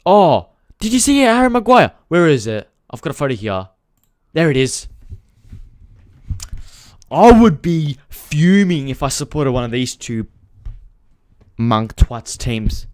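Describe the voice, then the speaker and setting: A man's voice: on the high side, big pitch swings, slow pace, pauses often, dry recording, clean studio sound. A man hosting a casual live-stream football chat, ranting with frustration, swearing freely and talking straight to his viewers. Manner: frustrated, talks to viewers directly. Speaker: football channel host.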